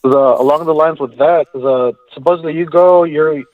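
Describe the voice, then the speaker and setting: A male caller on a call-in show, talking in a rambling, halting way full of fillers. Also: a little high, fairly even intonation, no echo. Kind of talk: casual phone call. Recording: tinny phone line.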